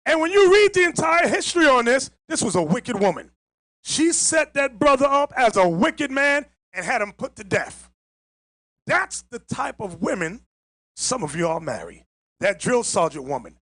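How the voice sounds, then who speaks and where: A man preaching outdoors in a loud, emphatic voice that sits very high. His pitch swings widely, and he mocks and shouts to drive his points home. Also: sing-song, moderate pace. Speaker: street preacher. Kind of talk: open-air sermon with Bible reading. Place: outdoors on a public green.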